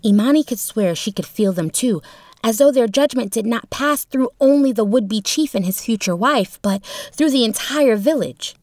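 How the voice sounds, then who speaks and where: A woman reading a storybook chapter in a steady, expressive narration. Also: a little high, normal speed, no echo, clean studio sound. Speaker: audiobook narrator.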